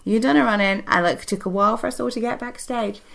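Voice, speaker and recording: A woman's voice: on the high side, quick pace, creaky, fairly bright tone. A young woman, a podcast co-host and wrestler, telling a candid story with heavy swearing and earnest, tumbling restarts.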